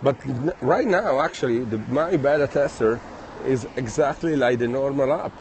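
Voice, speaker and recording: Walking outdoors on city streets, a man hosts a casual livestream, reading viewers' comments aloud and thanking them while a bit out of breath. His voice is mid-range and a little mellow at a moderate pace, with slight background noise.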